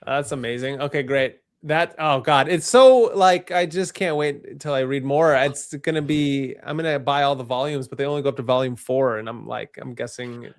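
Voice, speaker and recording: A man's voice: mid-range voice, normal speed, few pauses. Enthusiastic man chatting as a guest. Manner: enthusiastic, laughs easily, rambling. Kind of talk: casual chat.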